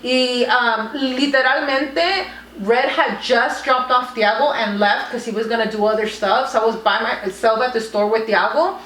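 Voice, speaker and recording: A woman's voice: a little high, moderate pace, fairly bright tone. A young woman, animatedly telling a story on a podcast, swearing and switching between English and Spanish. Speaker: podcast co-host. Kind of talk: casual storytelling chat. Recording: echoey room.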